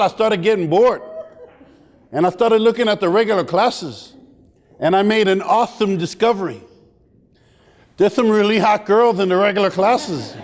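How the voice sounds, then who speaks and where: A man speaking on stage, telling a personal story in a lively, joking, animated way. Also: high voice. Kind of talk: comic personal storytelling speech. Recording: long hall reverb.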